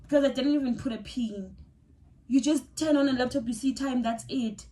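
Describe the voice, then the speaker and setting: A woman's voice: high voice, moderate pace, warm tone. A young South African woman vlogger telling a personal story in a casual, emotional, exclamatory way. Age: young adult.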